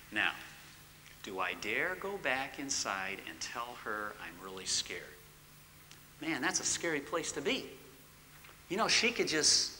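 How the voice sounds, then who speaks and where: A middle-aged man giving a church teaching talk, swinging from loud emphatic bursts to hushed near-whispers. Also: mid-range voice, very animated, a little slow, long pauses, slight background noise. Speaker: marriage course speaker. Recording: long reverb in a large hall.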